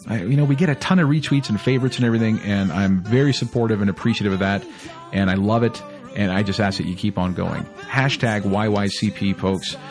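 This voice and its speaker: A man's voice: on the low side, a little fast, faint music behind. A man hosting a podcast, talking casually in an enthusiastic, rambling way and often correcting himself. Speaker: podcast host.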